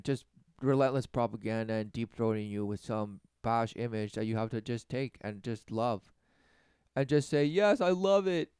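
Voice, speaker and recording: A man delivering a mocking sermon rant, often mimicking others in high, sarcastic voices. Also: a little mellow, smooth, dry recording, clean studio sound. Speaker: preacher.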